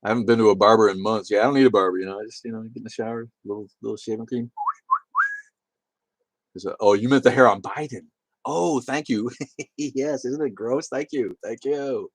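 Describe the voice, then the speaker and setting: A man's voice: medium pitch, brisk, dry recording. A man hosting a livestream, rambling and swearing as he reads chat comments and laughs along. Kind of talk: casual profane livestream chat.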